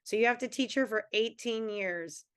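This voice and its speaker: A woman's voice: on the high side, normal speed, a bit bright, clean tone. A woman in her thirties, a teachers' union president, answering questions at a town hall in an earnest, candid way with long run-on thoughts.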